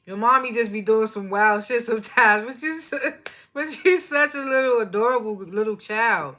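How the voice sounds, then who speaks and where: A woman's voice: fairly high pitch, moderate pace, bright, forceful tone. Chill woman rambling thru a tv recap, slangy, keeps laughing at herself. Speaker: TV show reviewer. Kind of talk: casual chatty recap commentary.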